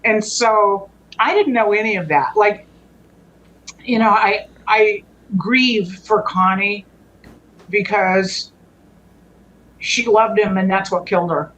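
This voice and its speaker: A woman's voice: mid-range voice, a bit bright, dull audio, a little hiss or hum. A woman speaking as a guest, telling a personal story in a conversational way. Her sentences halt, break off and restart as she works through what happened, and she often leaves a thought hanging before picking it up again. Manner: halting, with frequent restarts and trailing phrases.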